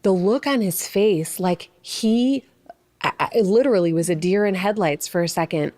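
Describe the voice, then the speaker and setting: A middle-aged woman co-hosting a podcast, telling a story in a chatty, animated way, with many "like" and "you know" fillers. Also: mid-range voice, moderate pace. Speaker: podcast co-host. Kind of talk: casual conversational storytelling.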